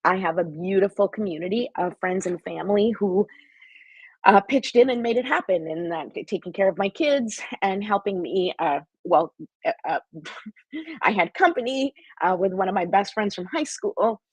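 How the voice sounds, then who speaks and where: A woman's voice: medium pitch, expressive, normal speed, breathy edge, dry recording, rough recording. A woman hosting a live-streamed motivational talk as a life coach, chatty and encouraging as she talks straight to her viewers.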